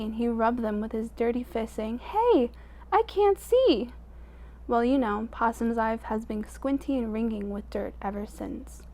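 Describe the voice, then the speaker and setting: Woman storyteller, slightly high voice, reads aloud to kids, lively with soft hushes. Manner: expressive, drops to a hush at quiet moments. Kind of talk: reading a picture book aloud to children.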